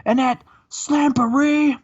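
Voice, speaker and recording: A brash, muscle-bound wrestler, put on by a man, bragging and trash-talking in a voice pushed far up into a strained high register. The promo is drawn out and cocky, and it sounds a little muffled and dull. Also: steady tone, takes it slowly. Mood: boastful. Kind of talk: comedic let's-play commentary.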